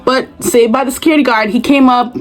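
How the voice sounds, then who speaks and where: A young woman tells school stories in a casual vlog. Her voice sits a little high, and she stays animated, slipping into quick impressions of friends and classmates. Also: rough recording. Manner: animated, acts out other people's voices. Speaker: vlogger. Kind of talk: casual storytime.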